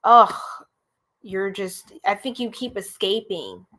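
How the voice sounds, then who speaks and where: A woman's voice: mid-range voice, slow. A young American woman giving a live-streamed tarot reading, talking chattily and straight to her viewers. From United States. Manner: chatty, animated, talks straight to viewers as y'all. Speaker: tarot reader.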